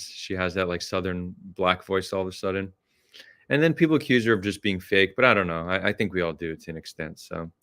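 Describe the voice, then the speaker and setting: Low-voiced guy hosting a chat show, thinks out loud, keeps restarting his sentences. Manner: thoughtful, hesitant, many restarts. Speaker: podcast host. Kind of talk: casual conversation.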